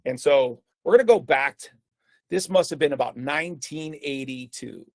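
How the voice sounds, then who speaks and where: A man's voice: fairly high pitch, moderate pace, a little mellow. A man, telling a personal story in a conversational talk with frequent fillers and restarts. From United States. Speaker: speaker presenting a talk.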